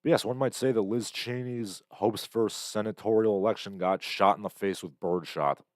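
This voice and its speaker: A man's voice: on the low side, moderate pace, no echo, clean studio sound. A man in his thirties hosting a casual livestream, talking bluntly in a rambling way with many fillers and reading out chat comments. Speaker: livestream host.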